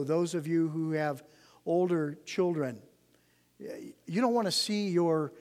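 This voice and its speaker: Man, Bible study sermon, earnest and explanatory, slightly high voice, long hall reverb. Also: darkish tone. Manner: earnest, explanatory, emphatic on key words. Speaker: Bible teacher.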